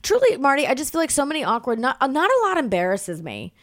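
A woman's voice: high-pitched, wildly swooping pitch, quick pace. A woman comedian, a podcast guest, telling stories in casual chat and laughing through them.

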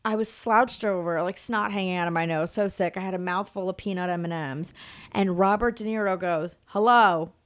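A woman comedian chatting as a podcast guest. She tells stories with animated energy and breaks into laughter as she goes. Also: fairly low pitch, brisk. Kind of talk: casual podcast storytelling.

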